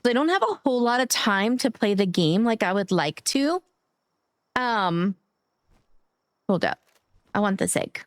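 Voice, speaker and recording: Woman streamer gushing at her chat, swears casually, mid pitch, dry close sound. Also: very animated, measured pace, long pauses, dry recording. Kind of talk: casual live-stream chat while gaming.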